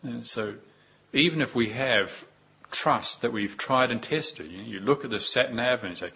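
A man giving a Buddhist dharma talk, unhurried and reflective, with pauses and repeated phrases. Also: medium pitch, creaky, sharp tone, slightly rough. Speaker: Buddhist teacher.

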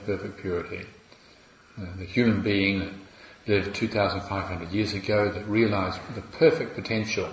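A man speaking as a Buddhist teacher in a dharma talk, measured and reflective, with small restarts. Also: on the low side, slight background noise. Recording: echoey room, dull lo-fi sound.

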